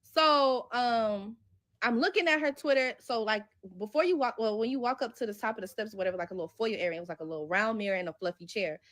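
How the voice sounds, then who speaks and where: A woman's voice: a little high, fast talker, fairly bright tone. A woman telling a personal story casually and animatedly with lots of profanity, acting out the dialogue she quotes.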